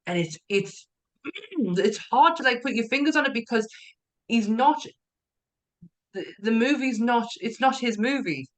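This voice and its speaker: A woman's voice: on the high side, expressive, a little slow, pauses often. A woman co-hosting a casual podcast chat, candid and sweary, laughing often. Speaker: podcast co-host.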